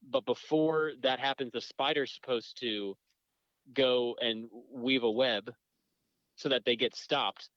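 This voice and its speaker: A man co-hosting a podcast, walking through a movie plot in an easygoing way with plenty of fillers. His voice sits at a middle pitch. The sound is dry and slightly dull. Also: fairly bright tone, dry recording. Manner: easygoing, filler-heavy summarizing. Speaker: podcast co-host. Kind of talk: casual movie discussion.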